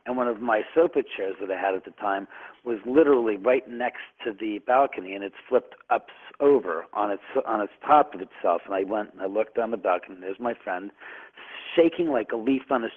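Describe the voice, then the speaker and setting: A man's voice: fairly low pitch, a little fast. A man telling a long, rambling personal story as a radio guest, often stammering and repeating words. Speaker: guest on a call-in radio show. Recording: tinny phone line.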